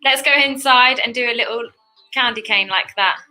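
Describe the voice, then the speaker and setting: A woman's voice: a little high, normal speed, bright, forceful tone, faint music behind. A young woman giving cheerful, chatty step-by-step painting instructions as a tutorial host.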